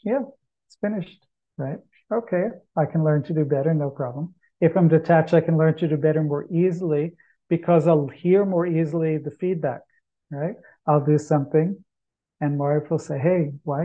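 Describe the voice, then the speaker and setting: A man chanting verses slowly, then explaining them in relaxed, anecdotal talk with non-native English phrasing. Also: fairly high pitch. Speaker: spiritual teacher. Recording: dull lo-fi recording.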